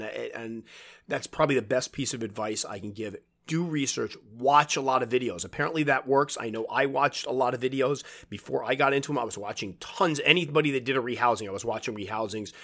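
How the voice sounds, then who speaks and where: A man who keeps tarantulas, talking casually to his viewers and giving advice in a relaxed, rambling way, with restarts and asides. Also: mid-range voice. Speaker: tarantula keeper and video host. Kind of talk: casual advice talk to camera.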